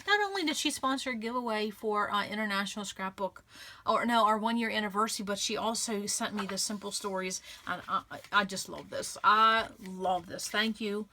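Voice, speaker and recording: A woman's voice: medium pitch, normal speed, sharp tone. A woman hosting a casual scrapbooking vlog, gushing and grateful, chatting with lots of fillers and restarts. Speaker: scrapbooking channel host. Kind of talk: casual crafting vlog chat.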